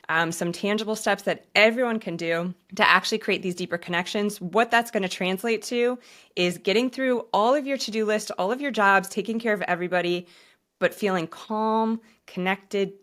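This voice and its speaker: A woman's voice: medium pitch, fairly bright tone. A woman hosting a podcast, talking in an earnest, encouraging way and sometimes acting out inner thoughts. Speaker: podcast host. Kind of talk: casual podcast conversation.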